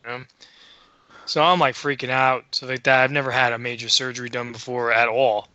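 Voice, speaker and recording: A man co-hosting a podcast, telling a story in casual chat, excitable and full of swearing. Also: mid-range voice, fairly quick, dry recording, dull audio. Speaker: podcast co-host.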